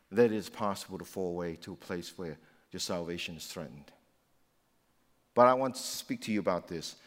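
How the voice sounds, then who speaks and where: A man's voice: medium pitch, a bit bright. A man preaching a sermon in a conversational, emphatic way, often saying "you know" as he explains scripture. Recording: long hall reverb.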